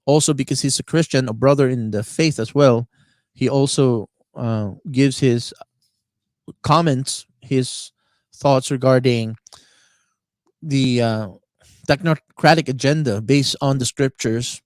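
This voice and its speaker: Halting male live-stream radio host. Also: medium pitch, darkish tone, no room sound. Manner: halting, many fillers and word searches.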